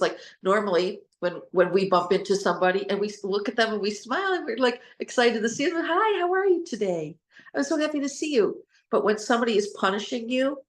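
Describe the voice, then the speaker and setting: A woman hosting an informal talk on trauma recovery, earnest and rambling, who spells words out and restarts her sentences. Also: medium pitch. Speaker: host, trauma recovery speaker. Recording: echoey room.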